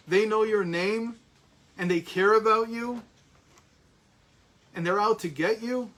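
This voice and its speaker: A man's voice: sits high, unhurried, long pauses, a bit bright, poor audio. An American man in his forties teaching a class, telling a personal story in a chatty way with many restarts and asides. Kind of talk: storytelling lecture.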